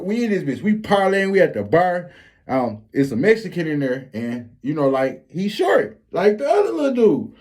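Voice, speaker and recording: A man with a Flint, Michigan accent telling a street story in a casual, animated and profane vlog monologue. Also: a little high. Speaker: storyteller vlogger.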